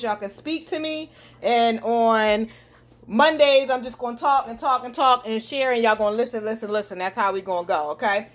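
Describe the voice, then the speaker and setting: Casting: young woman podcast host, high voice, fired-up and chatty, cooking as she talks. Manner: animated and indignant, talks to listeners directly. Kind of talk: casual podcast monologue. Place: home kitchen while cooking.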